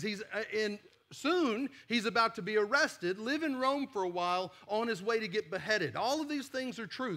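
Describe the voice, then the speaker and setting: A pastor with a Southern American accent giving a sermon in a church, conversational and emphatic, asking rhetorical questions. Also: male voice, high-pitched, sharp tone. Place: church sanctuary.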